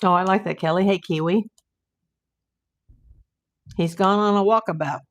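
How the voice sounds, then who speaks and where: A woman's voice: medium pitch, steady tone, normal speed. A woman, a private investigator, hosting a casual live stream from home and chatting as she answers viewer comments aloud.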